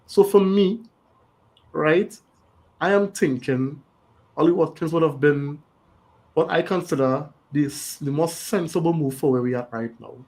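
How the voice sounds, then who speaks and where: A man's voice: a little high, measured pace, darkish tone, low-quality recording. A man on a fan panel in casual chat over a video call, thinking aloud and checking in with "right?" after his points.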